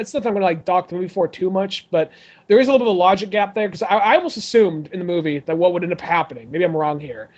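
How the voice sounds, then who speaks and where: A man co-hosting a podcast, casually retelling a film scene by scene and acting out the characters' lines in rough, swearing voices. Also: sits high, highs cut off. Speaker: podcast co-host. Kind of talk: casual movie chat.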